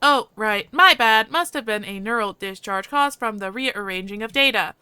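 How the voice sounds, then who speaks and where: A woman's voice: on the high side, lively intonation, normal speed, sharp tone, clean tone, dry recording. A woman voicing a sprightly, smug AI companion with a cheerful, self-satisfied manner. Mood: chirpy. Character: sprightly smug AI living in a man's head.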